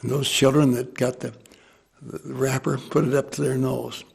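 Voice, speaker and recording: An older American man telling a war memory to an interviewer, lively and acting out the people he quotes. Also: mid-range voice, normal speed, vocal fry, husky. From United States. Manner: animated storyteller who voices quoted people. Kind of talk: storytelling.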